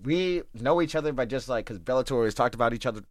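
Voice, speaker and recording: A man chats as a podcast guest, telling loose stories full of swearing and quoted lines. His pitch swings widely as he talks. The sound is dry and close, with no room around it. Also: expressive, fast, dry recording. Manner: swears a lot, storytelling with acted-out quotes. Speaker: podcast guest, MMA fighter. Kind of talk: casual chat.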